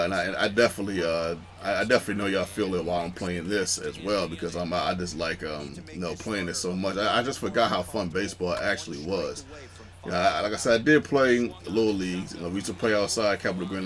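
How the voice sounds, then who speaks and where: During gameplay commentary, a young gaming-channel host chats in a calm, rambling way, dropping in lots of fillers. His voice is low-pitched.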